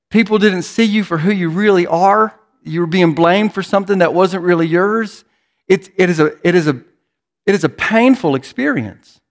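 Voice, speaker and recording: A male pastor preaching to his congregation in a church. His voice sits a little high for a man, and he speaks earnestly, repeating words as he builds each thought. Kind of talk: sermon.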